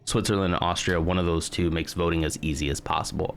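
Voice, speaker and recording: Deep-voiced, musing American man. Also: fairly even intonation, fast talker, vocal fry, a little hiss or hum. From United States. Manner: musing and hesitant, thinking out loud with many fillers. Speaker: streamer. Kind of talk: casual live-stream chat while gaming.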